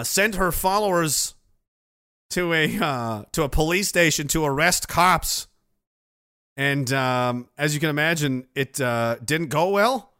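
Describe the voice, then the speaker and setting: Profane, rambling, bright-voiced male host. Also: on the high side, clean tone, no room sound, studio quality. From Nova Scotia, Canada. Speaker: livestream host. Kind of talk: casual livestream chat reading viewer messages.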